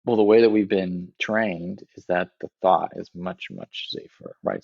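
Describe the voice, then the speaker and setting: A man's voice: deep voice, fairly even intonation, unhurried, vocal fry, hardly any pauses, no echo, muffled recording. A man in a podcast conversation, explaining reflectively and often checking in with "right?" as he talks.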